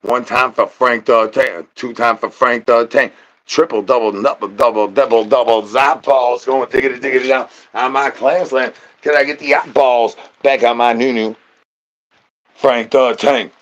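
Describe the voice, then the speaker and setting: A man's voice: medium pitch, fairly even intonation, normal speed, fairly bright tone, lo-fi sound. A man streaming live, rambling in goofy slang with sing-song nonsense rhymes. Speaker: livestreamer. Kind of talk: rambling livestream chat.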